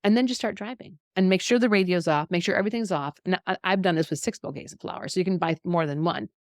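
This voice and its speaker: A middle-aged woman giving an animated, encouraging faith-based health lesson, laughing often. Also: fairly low pitch, fast talker, no room sound, clean studio sound. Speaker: health educator. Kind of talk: faith-based teaching talk.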